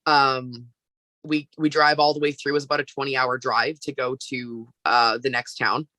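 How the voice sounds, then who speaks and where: A woman from Canada, a wrestler guest on a podcast, telling a story in a casual, animated way with lots of fillers. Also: extremely low pitch, moderate pace, no echo.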